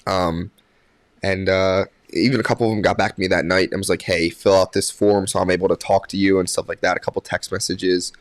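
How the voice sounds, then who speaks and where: Young man, podcast guest, casual storytelling, rambling, lots of fillers, slightly low voice, dry sound. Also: a little fast, dry recording. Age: young adult. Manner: rambling, with many fillers and restarts; animated when quoting others.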